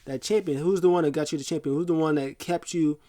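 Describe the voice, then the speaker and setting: A man's voice: on the high side, steady tone, fast, dark tone, close to an everyday voice. A man playing a hurt, pleading wrestling manager.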